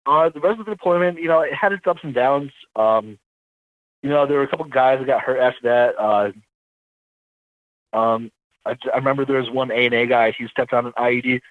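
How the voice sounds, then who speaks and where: A man, an army veteran, telling his story in a casual interview, rambling and halting as he corrects himself. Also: mid-range voice, no echo, narrow, tinny audio.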